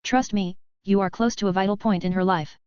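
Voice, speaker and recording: A woman voicing an ancient talking sword spirit, calm and reassuring in a measured way, on slightly dull lo-fi audio. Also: medium pitch, clean tone, no room sound, natural voice.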